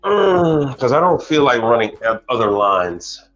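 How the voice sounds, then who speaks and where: A man's voice: mid-range voice, measured pace. A man working as a commercial appliance technician, chatting casually on a livestream, telling stories animatedly and repeating words as he goes. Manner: animated storyteller, repeats words, laughs often. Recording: slightly dull audio, faint music.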